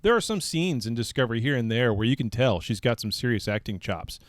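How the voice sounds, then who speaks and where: A male podcast co-host in loose, casual chat. His pitch jumps around in a lively way, and he laughs a lot while teasing the others. The sound is close and dry, with no room in it. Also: a little fast, no echo. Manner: laughs often, animated and teasing.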